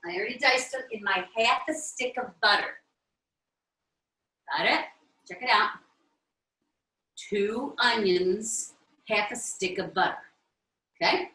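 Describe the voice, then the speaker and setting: A middle-aged Italian-American woman hosts a live home cooking show, chatting with viewers and checking in often as she cooks in her kitchen. Her voice is a little high with a sharp tone, and the recording is rough and echoey.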